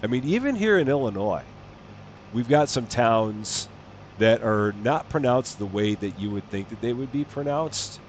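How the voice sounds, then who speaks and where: A man streams a farming game and chats casually, playfully wondering aloud as he plays. His medium-pitched voice is expressive and unhurried, with a little hiss or hum in the recording.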